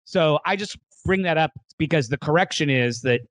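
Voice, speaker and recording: A man's voice: on the high side, normal speed, a bit bright, no room sound. A man hosting a casual podcast, teasing his co-hosts with dry jokes and mock critiques. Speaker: podcast host.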